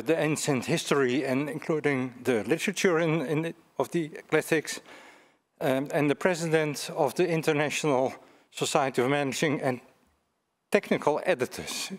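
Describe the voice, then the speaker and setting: A seminar moderator introduces the next speaker. He is a man of middle pitch, a little out of breath, hesitant, with many fillers. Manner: hesitant, with restarts.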